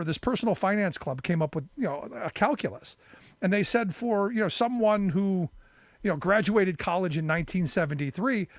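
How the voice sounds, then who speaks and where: High-voiced radio host, dry and close. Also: male voice, dry recording. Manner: conversational, frequent restarts and repeated words. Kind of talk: opinionated radio monologue.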